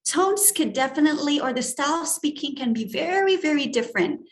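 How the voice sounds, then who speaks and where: A woman's voice: high-pitched, animated, brisk, reverberant. A woman from Indonesia, giving a lecture on speaking skills and shifting her tone to demonstrate examples. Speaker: etiquette trainer and guest lecturer.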